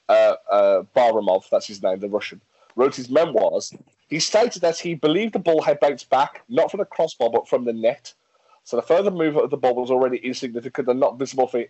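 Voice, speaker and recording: Here a medium-pitched, slightly rough-voiced Englishman chats casually as a podcast co-host. He's animated, reading facts aloud and frequently stumbling into restarts and laughter; the recording is dry and lo-fi.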